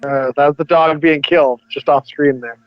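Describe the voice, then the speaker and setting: A man's voice: fairly high pitch, fairly even intonation, normal speed, faint music behind. A man casually riffing on a film with friends, sarcastic and jokey, laughing often. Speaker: comedy podcast co-host. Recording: dull, lo-fi audio.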